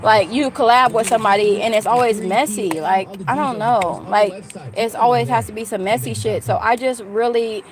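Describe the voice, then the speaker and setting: A woman's voice: a little high, normal speed, a crowd in the background. Candid rambling woman from California. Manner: candid, rambling, frequent fillers and restarts. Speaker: YouTuber talking to live chat. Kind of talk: casual livestream chat.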